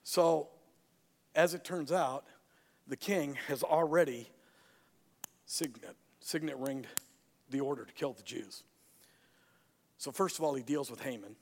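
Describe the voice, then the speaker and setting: A man preaching a sermon, an animated storyteller who acts out the characters. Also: mid-range voice, unhurried, long pauses, in a large hall. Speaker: pastor.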